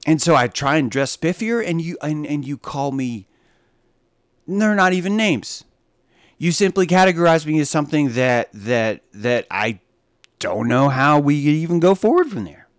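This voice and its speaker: Sarcastic, animated man on a live stream. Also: fairly high pitch, no echo, studio quality. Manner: animated, sarcastic, swings from mutters to exclamations. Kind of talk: rambling live-stream monologue.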